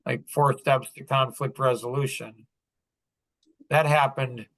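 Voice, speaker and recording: A man's voice: mid-range voice, fairly even intonation, slow, a bit bright, dry recording, poor audio. A man coaching a group call in a loose, wandering way, with many fillers and restarts. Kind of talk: rambling casual teaching.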